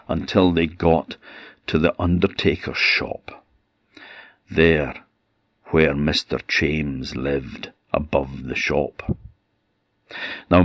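Orcadian male folk storyteller; very low voice, deliberate dramatic pauses. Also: no echo, studio quality. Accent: Orcadian Scottish. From Orkney, Scotland. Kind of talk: traditional ghost-story telling.

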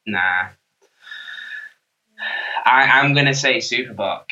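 A young man co-hosting a podcast, chatting casually with halting restarts. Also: medium pitch, pushed and bright, muffled recording. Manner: halting, restarts often, chuckly. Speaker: podcast co-host. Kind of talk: casual chat.

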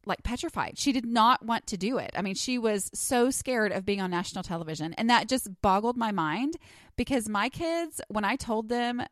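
A woman's voice: a little high, animated, moderate pace, dry recording, studio quality. A woman hosting her own podcast from home, chatting casually and rambling with plenty of ums and asides. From Texas. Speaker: podcast host. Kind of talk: casual solo podcast chat. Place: her home, sitting under a blanket.

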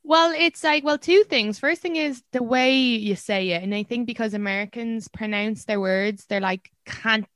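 Irish woman comic, podcast host, animated, dry mic. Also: moderate pace, few pauses, no room sound. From Ireland. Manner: animated, acts out quotes in a high voice. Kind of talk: casual chat.

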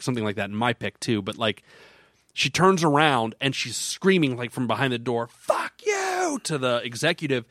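A man's voice: mid-range voice, no echo, clean studio sound. Rambling man chatting about films. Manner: rambling, animated retelling of scenes. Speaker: podcast co-host. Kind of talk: casual film chat.

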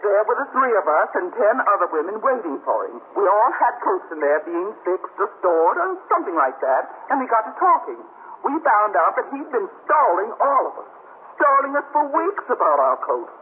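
A woman's voice: medium pitch, very animated, normal speed, lightly acted. A blunt, no-nonsense married woman, voiced by an actress in a vintage radio drama, insistent and indignant. Her voice rises and falls with animation. The broadcast sounds tinny and narrow with a faint hiss. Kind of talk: 1950s radio drama acting.

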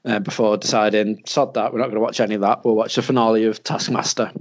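A British man in casual chat, telling an animated story and mimicking people in a higher voice. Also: fast. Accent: British English. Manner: animated, acts out quotes in a higher voice. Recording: slightly dull lo-fi sound.

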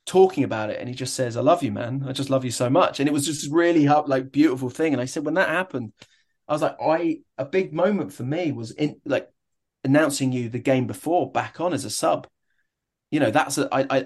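A young adult man, a stadium announcer, chatting in an interview and telling stories with enthusiasm and many restarts. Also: medium pitch. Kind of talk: casual interview chat.

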